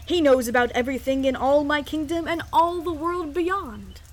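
Woman doing a loud blustering king. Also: high-pitched, normal speed, voice pushed up, lightly acted. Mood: commanding. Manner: loud and commanding. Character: blustering impatient male king.

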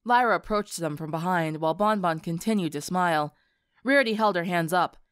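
A woman narrating a story for an audiobook in an expressive storytelling manner. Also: lowish voice, fairly quick, no echo, clean studio sound. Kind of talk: audiobook narration of fan fiction.

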